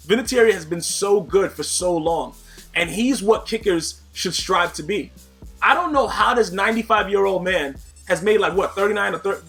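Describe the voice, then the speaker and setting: Man, high voice, casual football rant, slangy, emphatic, faint music behind. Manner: animated, rants emphatically, slangy. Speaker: sports show host.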